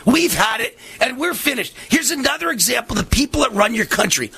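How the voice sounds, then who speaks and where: A middle-aged man hosting a radio talk show, delivering a fiery, impassioned monologue that rises to shouts, his voice strained from shouting. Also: very high voice, sing-song, fast talker, vocal fry, breathy edge.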